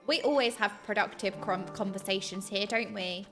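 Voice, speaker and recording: Animated British woman streamer, bright voice. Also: medium pitch, unhurried, pauses often, faint music behind. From United Kingdom. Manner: animated, bursts into laughter and mock outrage. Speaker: game streamer. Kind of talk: casual chat while streaming a game.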